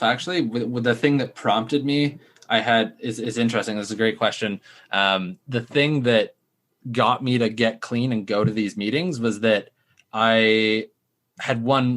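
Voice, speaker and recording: A man's voice: fairly low pitch, a bit bright. A young adult man, a startup founder in recovery, giving candid, rambling interview answers full of filler words. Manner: rambling, heavy use of "like" fillers.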